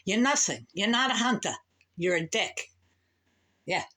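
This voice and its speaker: A woman's voice: medium pitch, unhurried, slight background noise. Profane, rambling American woman vlogger. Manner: profane, emphatic, animated rants. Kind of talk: rambling monologue to camera.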